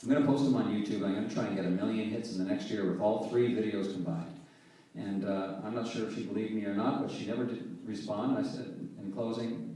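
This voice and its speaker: A man from Halifax, Canada, a singer-songwriter telling a story between songs in a relaxed, conversational way. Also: on the low side, fairly quick. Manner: relaxed, conversational, softly spoken. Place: theater stage. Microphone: distant camera mic in the audience. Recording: echoey theater, distant camera mic.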